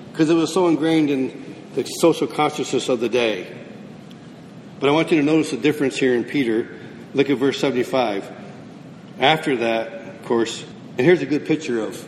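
A man preaching a sermon, asking questions and answering them himself. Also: a little mellow. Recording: roomy hall with long echo, faint rumble.

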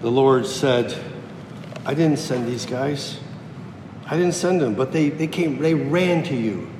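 This man's sermon moves slowly but with lively intonation, emphatic and built on repeated key phrases for effect. A faint rumble runs through the echoey hall.

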